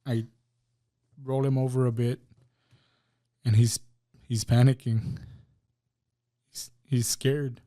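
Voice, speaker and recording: Man telling a painful story, mellow voice. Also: mid-range voice, level tone, slow pace, long pauses. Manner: emotional storytelling, acts out dialogue. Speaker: podcast guest. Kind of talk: personal testimony.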